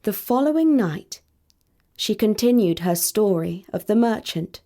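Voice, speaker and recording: A woman storyteller narrating a fairy tale in a clear, measured, deliberate way. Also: medium pitch, expressive, dark tone.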